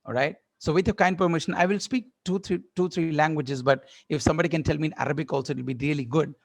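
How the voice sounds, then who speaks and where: A man with a fairly high voice gives a lively motivational talk over a video call. He speaks in a dry, close sound with no room echo. He keeps acting out little everyday scenes for his listeners. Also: fast, creaky. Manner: animated, repeats "my dear friends", acts out everyday scenes. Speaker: guest speaker at a club event.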